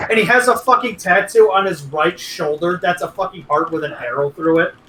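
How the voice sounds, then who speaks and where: A young man on a casual podcast, telling crude stories with animated energy. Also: high voice, fairly quick. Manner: animated storytelling, crude jokes, voices friends. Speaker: podcast regular telling a story. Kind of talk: casual chat. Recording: echoey room with faint noise.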